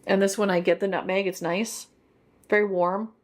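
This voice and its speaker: A woman's voice: mid-range voice, little pitch movement, normal speed. A woman, giving a chatty, detailed candle review and thinking aloud as she goes. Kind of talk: casual review vlog.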